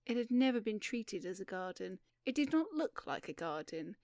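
A woman narrating a story in a measured audiobook reading. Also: medium pitch, very animated, a little mellow, no room sound, studio quality.

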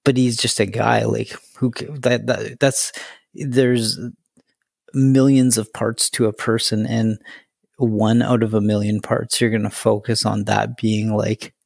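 A man's voice: on the low side, little pitch movement, measured pace, creaky, a little mellow, dry recording, studio quality. A man hosting a podcast interview, chatting casually and enthusiastically with lots of fillers. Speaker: podcast host.

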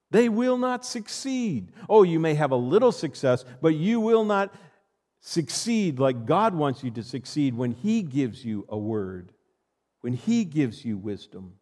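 A male pastor preaches emphatically and reads scripture aloud to his congregation. His voice sits fairly high and rings with a long reverb. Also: a little mellow. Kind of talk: sermon.

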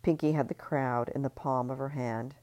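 A woman with a strikingly low voice reads her novel aloud. She keeps a calm, measured pace. Now and then she stumbles and restarts a word. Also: dry recording. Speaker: author reading her novel. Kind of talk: audiobook-style novel reading.

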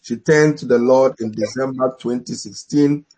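A man's voice: mid-range voice, normal speed, a little mellow, slightly rough, poor audio. A middle-aged man with an African accent, a bishop hosting an online church talk, laughing often and blessing his guests.

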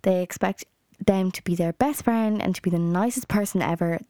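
A woman's voice: mid-range voice, moderate pace, mellow, no echo, studio quality. A young adult woman hosting a solo podcast, ranting in a heated way with lots of swearing and "like" fillers. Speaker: podcast host.

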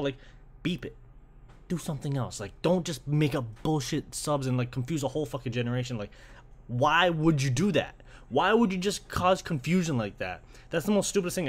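A young man from Canada ranting casually about anime translations, full of "like" fillers and swearing, slipping into mocking voices. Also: a little high. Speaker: anime fan. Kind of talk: casual rant.

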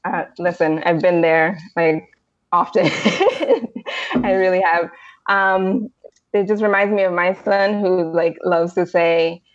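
Lower-voiced woman parenting coach, dry sound. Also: slow, dry recording. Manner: relaxed, reflective, laughs easily. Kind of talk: casual advice chat. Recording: dry, muffled lo-fi audio.

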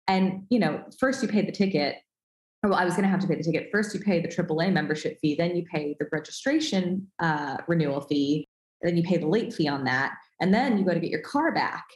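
A woman's voice: lowish voice, fairly quick, darkish tone, echoey room, low-quality recording. A woman telling a self-deprecating story in casual podcast chat, acting out the dialogue. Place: Los Angeles.

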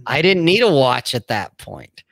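A man's voice: mid-range voice, sing-song, moderate pace, vocal fry, fairly bright tone, no echo. A middle-aged man co-hosting a casual chat, talking bluntly and rambling, with frequent swearing. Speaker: co-host.

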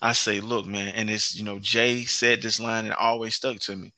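Male podcast host, low and bright-toned, emphatic, repeats himself, dry close mic. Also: normal speed, dry recording. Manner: emphatic, repeats phrases, stammers when excited. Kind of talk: casual conversation.

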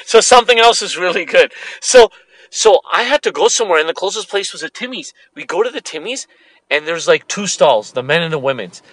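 A young man co-hosting a podcast, telling a funny story in an animated, joking way. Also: high voice, brisk, no room sound, low-quality recording. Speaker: podcast co-host. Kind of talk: casual chat, storytelling.

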